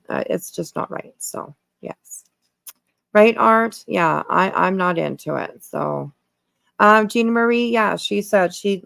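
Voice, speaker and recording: A woman's voice: fairly low pitch, gravelly, no room sound. A woman hosting a livestream, greeting viewers in casual chat and repeating herself with many fillers. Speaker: livestream host.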